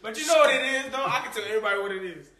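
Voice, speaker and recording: Boastful high-voiced young man. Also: expressive, racing, bright, forceful tone. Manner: boastful, laughing, slang. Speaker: friend in a group chat. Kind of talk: casual banter. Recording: echoey room with crowd noise.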